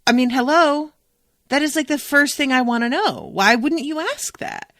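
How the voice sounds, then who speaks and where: A young adult woman hosting a solo book podcast, talking in a chatty, animated way and swearing freely. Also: high voice, moderate pace, dry recording, studio quality. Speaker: podcast host. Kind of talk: casual solo book discussion.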